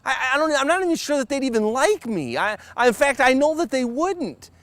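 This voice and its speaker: A doubtful, stammering Moses pleads that he is not the right man, as a preacher puts him on. The voice sits high and urgent. It comes as a retelling inside a sermon. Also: sing-song, a little fast, a bit bright, no echo, exaggerated voice. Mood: pleading. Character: hesitant, self-doubting Moses pleading with God.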